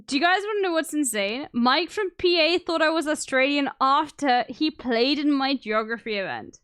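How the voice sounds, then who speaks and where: A woman's voice: high voice, lively intonation, normal speed, a bit bright, no echo, studio quality. Zimbabwean woman with a British-tinged accent. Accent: white Zimbabwean with British influence. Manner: rambling, profane, explanatory. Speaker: streamer. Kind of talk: casual live-stream chat while gaming.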